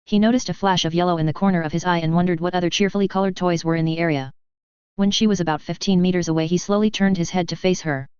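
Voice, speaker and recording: Low, crisp woman narrating a story. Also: fairly even intonation, fast talker, a little mellow, no echo, dull audio. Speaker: audiobook narrator.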